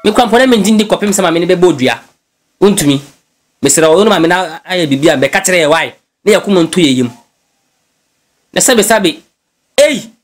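A man with a high-pitched voice gives lively gossip commentary as a blogger. He talks in an animated, chatty way and drops English phrases in as he goes. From Ghana. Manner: animated, mixes English phrases into his talk. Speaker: news blogger.

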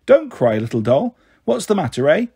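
A man's voice: fairly high pitch, very animated, normal speed, mellow, breathy edge, heavily acted. A man voicing a flighty, affectionate young mother in a storybook reading, with a sweet, coaxing manner.

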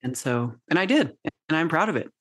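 A woman's voice: low voice, lively intonation, brisk, a bit bright, no echo. Chatty, rambling woman guest, dry sound. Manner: rambling, frequent restarts, self-deprecating. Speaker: leadership coach, guest. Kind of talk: casual interview chat.

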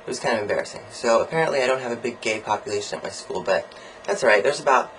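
A young man in a mid-range voice rants into his video diary, camp and sarcastic, swearing freely and leaping between high, loud bursts and low mutters. A faint hiss sits under the recording. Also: rapid-fire, poor audio. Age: young adult. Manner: animated, campy and profane, with big swings in pitch and loudness; sarcastic, jokey asides. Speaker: college student vlogger. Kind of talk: casual video diary rant.

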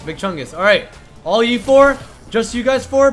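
A man hosting an in-game fashion show for a gaming channel, excitable and teasing, often breaking into playful shouts. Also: very high voice, normal speed, soft background music.

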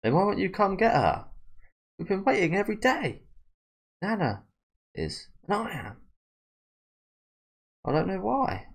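A man's voice: sits high, sing-song, a little slow, creaky, long pauses, husky, pitched above the performer's own voice, heavily acted. A man voicing a pleading, anxious young woman while reading a comic aloud.

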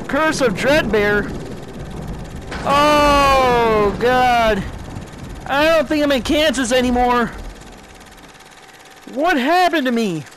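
A man voicing a nervous, goofy male frog puppet in a high, thin, nasal voice, commenting jokily and in a panic while he plays in character. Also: noisy background, heavily acted. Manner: panicky, jokey, blurts out beep-boop noises. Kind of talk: in-character let's play commentary.

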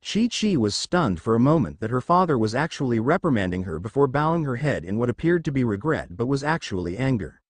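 A man narrating a fan story in an animated reading style. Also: mid-range voice, brisk, hardly any pauses, no room sound.

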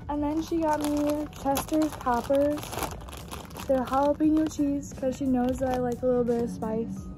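A young woman with a high voice talks to her camera at home in a loose, casual vlog. She gushes easily, fills her talk with "like" and swears offhandedly. Faint music plays softly behind her. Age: young adult. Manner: chatty and gushing, swears casually, many "like"s. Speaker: vlogger.

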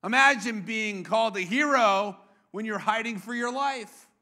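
A man's voice: high-pitched, measured pace, sharp tone. A man preaching a sermon to a congregation, playful and quizzing the room with questions. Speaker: pastor. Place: church.

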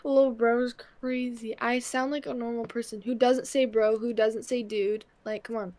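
A young woman chatting with a stranger on video chat, defensive and quick to laugh. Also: a little high, level tone, mellow. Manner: defensive, easily amused. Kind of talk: casual chat. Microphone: computer or phone mic on video chat. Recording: noisy video chat audio.

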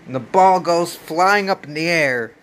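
A man's voice: on the high side, a little slow, a bit bright, a little hiss or hum. A man hosting a casual, profane movie recap, laid-back and laughing often. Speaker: host.

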